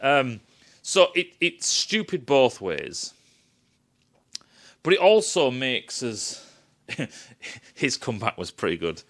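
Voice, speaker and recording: A man's voice: medium pitch, big pitch swings, slow pace, pauses often, a bit bright. A young man ranting sarcastically about a film, swearing often and mocking the characters. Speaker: film reviewer. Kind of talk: casual ranting film critique.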